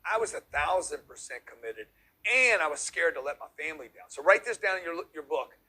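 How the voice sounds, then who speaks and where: A man's voice: on the high side, lively intonation, a little fast, sharp tone, husky, poor audio. A man giving a blunt, preachy motivational talk, punching single words with bursts of volume. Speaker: motivational business speaker.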